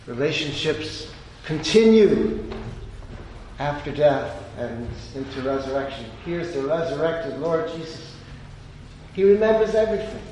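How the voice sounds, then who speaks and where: A man's voice: a little high, lively intonation, unhurried, a little mellow, a little hiss or hum. Man preaching in an echoey hall. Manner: storytelling, voicing quoted speakers with rising emphasis. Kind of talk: sermon.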